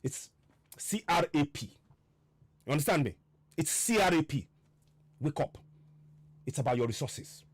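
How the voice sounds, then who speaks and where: A fired-up man speaks to his listeners in a fairly high voice. His delivery is fervent and insistent, pushing his point hard before easing off. The sound is dry and close, with no room around it. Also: lively intonation, a little slow, pauses often, no echo. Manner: fiery and worked up, then winding down softly. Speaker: activist podcast host. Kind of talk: impassioned political livestream talk.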